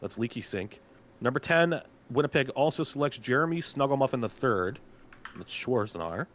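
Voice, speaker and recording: A man's voice: medium pitch, expressive, normal speed, a little hiss or hum. Chatty man announcing draft picks. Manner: chatty, loose, lots of filler words. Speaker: team general manager announcing draft picks. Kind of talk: casual live draft commentary.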